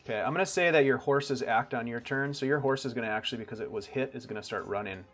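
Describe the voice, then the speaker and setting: A man's voice: mid-range voice, fast talker, fairly bright tone. A man running a tabletop game as game master, calling rolls and describing combat in an easygoing way.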